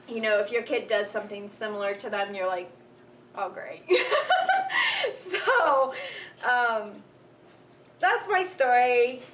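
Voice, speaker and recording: A young woman tells funny stories to her viewers in a relaxed, chatty vlog, often breaking into laughter. Her voice sits fairly high. The mic is a little distant, with faint room noise behind her. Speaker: vlogger. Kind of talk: casual storytelling while folding laundry. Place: home room.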